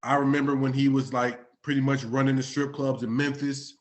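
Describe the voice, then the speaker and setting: Speaking fairly quickly with a flat, medium-pitched delivery, a late-thirties podcast host from Florida keeps the chat casual. Slightly tipsy, he talks loosely and swears freely.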